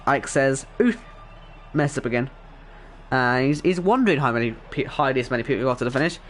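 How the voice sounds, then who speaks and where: A man, hoarse and worn out, casually wrapping up an esports race stream and chatting with viewers. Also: mid-range voice, fairly quick, slight background noise. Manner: chatty, reads chat aloud, self-deprecating. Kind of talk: casual stream sign-off commentary.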